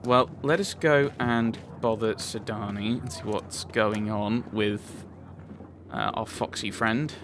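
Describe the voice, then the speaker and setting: A man's voice: lowish voice, takes it slowly, background noise. A man hosting a let's play, thinking aloud with wry, puzzled asides while reading game dialogue.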